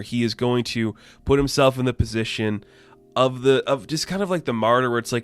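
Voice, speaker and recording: A man giving a casual, excited comic book review, talking loosely and swearing freely. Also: medium pitch, fairly quick.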